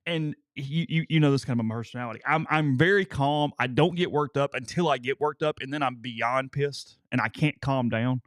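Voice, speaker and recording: A man's voice: mid-range voice, brisk, hardly any pauses, dry recording, clean studio sound. A male co-host in a casual chat, telling long stories and stammering on repeated words.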